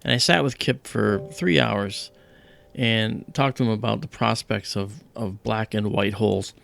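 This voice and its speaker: A man's voice: fairly low pitch, unhurried, vocal fry, fairly bright tone. A man hosting an astronomy livestream, explaining casually with many fillers and restarts.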